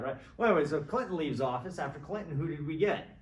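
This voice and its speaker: A man's voice: fairly high pitch, quick pace. A middle-aged man giving an informal, opinionated college government lecture, rambling and often checking in with his students. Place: classroom. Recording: echoey classroom, mic far from speaker.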